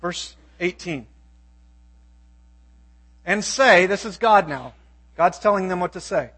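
A man's voice: high voice, slow pace, long pauses, fairly bright tone, breathy edge. A man preaching a sermon, reading scripture and asking his listeners pointed questions. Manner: emphatic, asks the audience questions.

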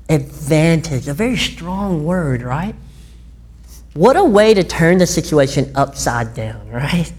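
Woman preacher, conversational sermon, very expressive pitch, chatty questions to the congregation. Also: normal speed, slightly rough. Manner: animated, chatty, asks listeners questions.

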